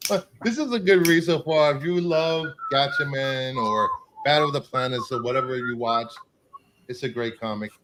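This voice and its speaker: A man hosting a casual comic book podcast, animated and teasing. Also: medium pitch, normal speed, heavy background noise. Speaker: podcast host. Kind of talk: casual chat.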